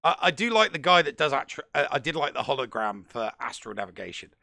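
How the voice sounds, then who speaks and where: A man's voice: mid-range voice, big pitch swings, fast talker, creaky, bright, forceful tone, no room sound, studio quality. A man in a casual group chat, making wry joking remarks.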